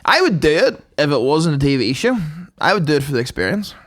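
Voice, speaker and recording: Quick-quipping Northern Irish man. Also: on the high side. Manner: deadpan quips, sweary. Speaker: podcast co-host. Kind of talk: casual comedy chat.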